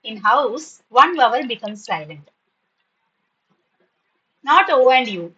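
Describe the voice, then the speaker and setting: Bright-voiced woman teaching a class. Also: a little high, big pitch swings, muffled recording. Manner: patient, spells words out and repeats them slowly. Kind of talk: online spoken English class.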